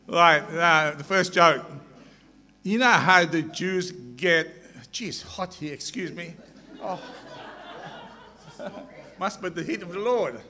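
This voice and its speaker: A man telling jokes to a crowd at a slow, drawn-out pace, laughing at his own punchlines. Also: fairly high pitch, bright, forceful tone, in a large hall. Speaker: joke teller. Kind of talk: stand-up joke telling to a crowd.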